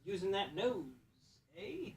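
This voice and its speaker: A man chatting casually while flying a drone on a live stream, excitable, laughing and swearing, talking to his dog. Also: high-pitched, takes it slowly, gravelly, slightly rough. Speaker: FPV drone pilot and streamer.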